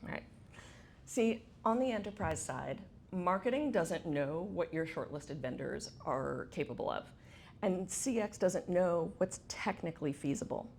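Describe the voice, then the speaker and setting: A woman's voice: fairly low pitch, expressive, measured pace, a little mellow, a little hiss or hum. A middle-aged woman giving a conference talk, chatty, asking the audience questions. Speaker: conference speaker. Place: event space with audience.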